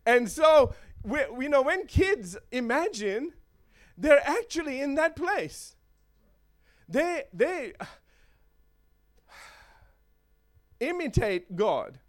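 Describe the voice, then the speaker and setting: High, lively, playful male preacher. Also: slow pace, long pauses. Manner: playful, chuckles often, checks in with the audience. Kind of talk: sermon.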